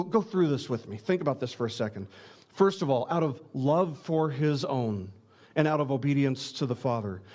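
A man's voice: medium pitch, darkish tone. A man preaching a sermon, earnest and direct, often restarting words with small stammers as he presses his points. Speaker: pastor.

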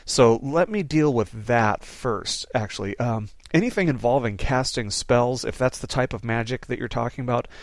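Male Bible teacher, mid-pitch, conversational and loose, full of "you know," dry close sound. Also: moderate pace, few pauses, dry recording. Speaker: Bible teacher answering listener questions. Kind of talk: informal Q&A lesson.

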